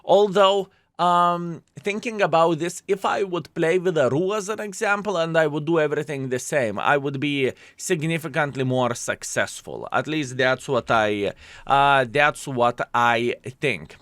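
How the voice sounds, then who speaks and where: A man's voice: fairly high pitch, unhurried, a bit bright, no echo. A man commentating his own tank game, chatty and jokey, speaking to his viewers as fellas, with a non-native English manner. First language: Lithuanian. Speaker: gameplay commentator.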